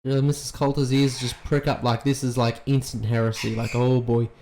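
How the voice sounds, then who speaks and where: A man's voice: mid-range voice, brisk, few pauses, a little hiss or hum. Guy doing a casual show reaction, cusses a ton, gets worked up, normal mid voice. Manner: swears a lot, excitable.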